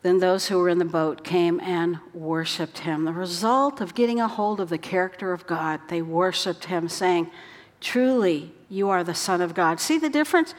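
Woman preacher, lowish voice, earnest sermon delivery, long reverb around her. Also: normal speed. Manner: earnest, dropping to soft whispered quotes.

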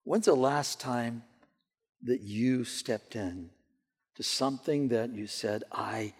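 A man preaching a sermon to a church gathering, telling stories in an animated way and often repeating his words as he goes. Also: medium pitch, takes it slowly, slightly rough. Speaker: pastor. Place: church hall. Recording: long hall reverb.

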